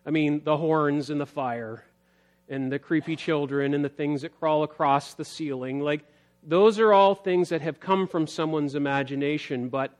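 Speaking as a pastor, a man delivers an earnest sermon in a darkish tone, building emphasis before dropping low. He also reads scripture aloud.

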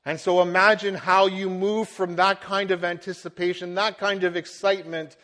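A man's voice: sits high, steady tone, moderate pace, fairly bright tone. A middle-aged man preaching a sermon as a pastor, earnest and building to emphatic swells.

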